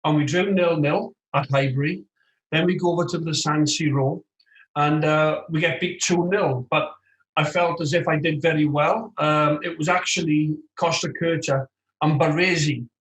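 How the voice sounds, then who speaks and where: Man, 40s, ex-player guest, animated raconteur, slightly high voice, echoey room. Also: normal speed. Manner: animated, tells stories with lively quoted voices. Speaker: guest, former footballer. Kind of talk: casual interview storytelling. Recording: roomy echoey room sound.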